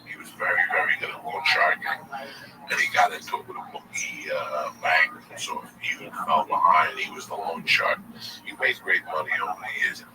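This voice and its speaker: A man in his forties telling a long personal story as a guest, casual and profane, with animated delivery. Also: very deep voice, moderate pace. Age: 40s. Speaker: comedian guest. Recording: distant mic with loud background noise.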